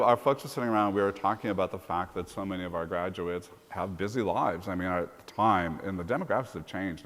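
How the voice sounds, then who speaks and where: A man, a university president, telling brisk anecdotes in a conference fireside chat on stage. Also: low voice. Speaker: university president being interviewed. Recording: long reverb of a conference hall.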